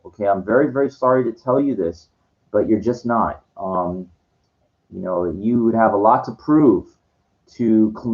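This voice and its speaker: Man, lowish voice, lecturing rant, dull lo-fi recording, lots of restarts. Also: a little mellow. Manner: condescending, lecturing, stumbling restarts. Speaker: vlogger answering viewer comments. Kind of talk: ranting monologue to camera. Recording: dull lo-fi sound.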